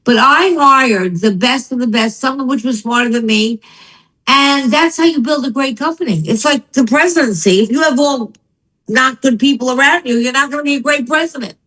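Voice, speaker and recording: A woman's voice: high-pitched, moderate pace, rough recording. An older woman telling her story as a guest in a casual conversation, acting out the people she quotes. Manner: animated storytelling, acts out quotes. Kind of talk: casual chat.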